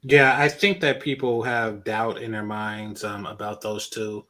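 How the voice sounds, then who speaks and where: Bright-toned man, halting casual talk. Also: on the low side, flat delivery. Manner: hesitant, halting, with fillers. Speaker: guest. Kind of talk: casual chat.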